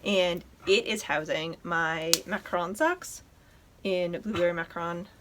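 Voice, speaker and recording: A woman's voice: fairly low pitch, takes it slowly, background noise. A woman hosting a knitting podcast, chatting casually and enthusiastically as she shows her projects at home. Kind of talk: casual show-and-tell chat.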